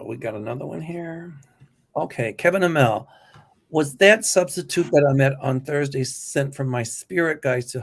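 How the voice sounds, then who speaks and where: Man, psychic host, reads questions aloud, plain-spoken, casual live chat. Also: medium pitch.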